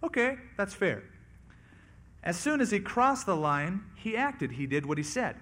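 A man's voice: high voice, big pitch swings, normal speed, a bit bright. A man preaching a sermon on scripture in a conversational way, sometimes acting out the people he quotes. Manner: conversational, acts out quoted voices. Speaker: pastor.

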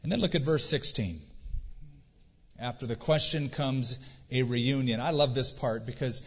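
A male pastor preaching an earnest sermon in a church, asking rhetorical questions and pausing for effect. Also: mid-range voice, breathy edge. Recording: dull recording with long church reverb.

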